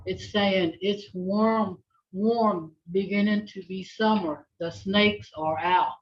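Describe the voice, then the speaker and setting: A woman leads a language class over a video call, speaking very slowly and patiently as she models each word to be repeated. The audio is dull and lo-fi, like a compressed call. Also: mid-range voice, fairly even intonation. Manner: patient, slow, repeats words for the learner. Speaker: language instructor. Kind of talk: online language lesson with call and response.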